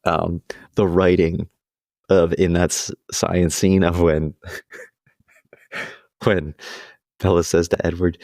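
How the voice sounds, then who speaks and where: A man's voice: deep voice, huge pitch swings, extremely slow, long pauses, a little mellow, dry recording, studio quality. A young man co-hosting a podcast in casual chat, laughing often as he retells scenes. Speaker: podcast co-host.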